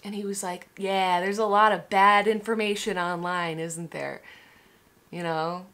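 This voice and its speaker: A woman's voice: medium pitch, fairly even intonation, unhurried, a bit bright. A young woman talking candidly in a casual vlog monologue, emotional and swearing freely, with frequent restarts. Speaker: vlogger.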